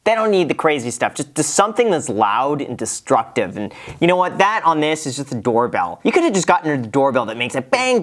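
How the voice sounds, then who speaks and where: A man's voice: on the high side, fairly bright tone. A man, giving casual, joking reaction commentary with chuckles and restarts. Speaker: host reacting to a video.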